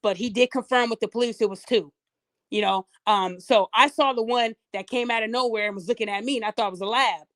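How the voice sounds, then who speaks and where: A middle-aged woman chatting casually to her viewers, telling stories in a lively, talkative way. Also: a little high, fast, no echo, studio quality. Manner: chatty, storytelling, addresses audience as y'all. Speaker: podcast host.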